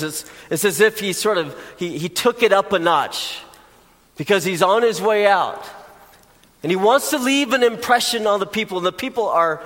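High-voiced man preaching in a hall. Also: a bit bright. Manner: conversational, joking asides to the congregation. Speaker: pastor. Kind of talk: sermon.

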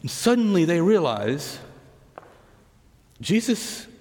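A man with a slightly high voice preaches a sermon in a hall with a long, lingering echo. He tells the story earnestly. He drops to soft, hushed words when he reaches the key lines. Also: very animated, slow pace. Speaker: pastor.

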